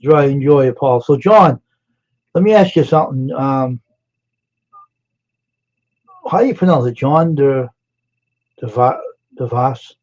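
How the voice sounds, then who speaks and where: Chatting with his viewers by name and asking them questions, this male live-stream host keeps things casual. His voice is medium-pitched and a little mellow, his pace moderate, and the audio comes through dull and lo-fi.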